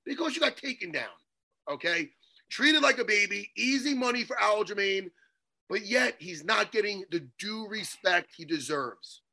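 Male sports co-host, high and bright, fiery theatrical ranter. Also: lively intonation, normal speed, vocal fry. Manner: fiery, theatrical ranting with bursts of shouting. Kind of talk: heated sports talk.

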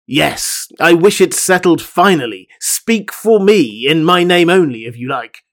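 A man reads as an impatient, homesick sailor who pushes hard and bluntly to get away. The pitch is slightly raised over the plain narration. It is a storybook reading. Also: animated, unhurried, a bit bright. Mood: insistent. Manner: blunt and fretful. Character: homesick, impatient male Canadian harpooner.

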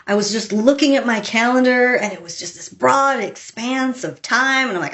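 A woman author telling stories in a casual interview, chatty and animated, acting out quotes as she goes. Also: a little high, normal speed, hardly any pauses. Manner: chatty, animated storytelling with laughs and acted quotes. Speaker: author, podcast guest.

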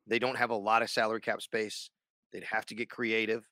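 A man's voice: on the low side, level tone, fairly quick, pushed and bright, no room sound. A man who hosts sports radio, chatting casually on a podcast in a rambling way with many restarts.

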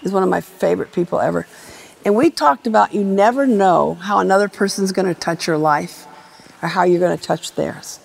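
Older american woman, gravelly and husky, lively motivational storyteller. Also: on the low side, a little fast. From United States. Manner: animated storytelling, acting out voices of family. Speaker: former tennis champion telling her story.

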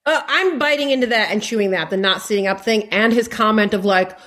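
A woman's voice: medium pitch, a little fast, fairly bright tone. A woman co-host chatting casually and giving her opinion on a couple. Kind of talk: casual chat.

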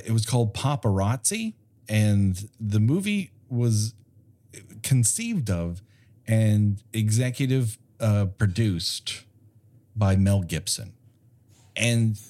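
A man's voice: on the low side, warm tone. A man co-hosting a casual film podcast, talking in a profane, sarcastic way. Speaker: podcast co-host.

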